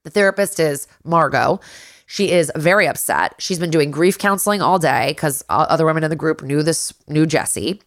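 Woman podcast host, casual episode recap, lowish voice, chatty and profane, dry close mic. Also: moderate pace, dry recording. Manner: chatty, profane, laughs easily.

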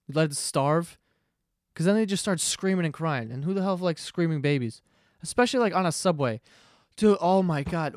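A man's voice: sits high, no echo, studio quality. A young man, hosting a podcast as a profane, rambling comedic monologue. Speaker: podcast host.

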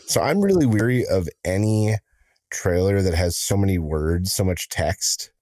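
A man co-hosting a podcast in casual chat, telling drawn-out joking stories with lots of fillers. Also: sits low, expressive, warm tone, no echo. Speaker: podcast co-host.

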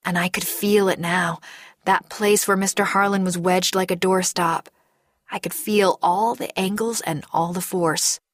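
A woman narrating a first-person story in a measured, deliberate way. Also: fairly low pitch, steady tone, no room sound, clean studio sound. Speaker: audiobook narrator.

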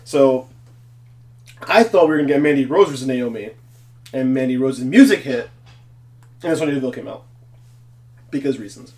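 A man's voice: mid-range voice, expressive, normal speed, long pauses, darkish tone. A man hosting a casual wrestling recap, joking and laughing often. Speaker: podcast host.

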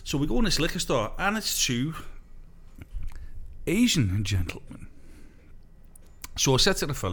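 A man's voice: fairly high pitch, very animated, moderate pace, long pauses, a bit bright, husky. A man swapping profane, boisterous anecdotes in casual chat.

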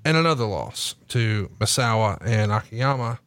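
A man's voice: on the low side, expressive, fairly bright tone, no echo. Southern man hosting, dry close sound. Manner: profane, rapid-fire questioning. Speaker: podcast host. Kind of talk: casual podcast chat.

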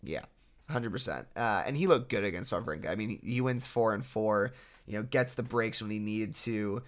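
A man's voice: fairly low pitch, moderate pace. Casual male tennis podcast co-host. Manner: relaxed, analytical, with frequent restarts. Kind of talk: casual sports podcast chat.

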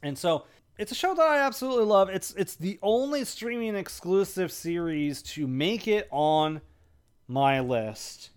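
A man's voice: high-pitched, expressive, a little slow, clear, resonant tone. A man co-hosting a podcast, talking casually and thinking aloud. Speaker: podcast co-host. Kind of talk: casual chat.

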